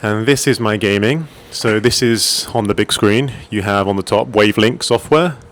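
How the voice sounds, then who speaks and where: Relaxed low-voiced man touring his desk. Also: normal speed, slight background noise. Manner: relaxed, rambling, with fillers and restarts. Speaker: gaming and streaming vlogger. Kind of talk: casual desk setup tour. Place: home gaming desk setup. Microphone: desk microphone on arm.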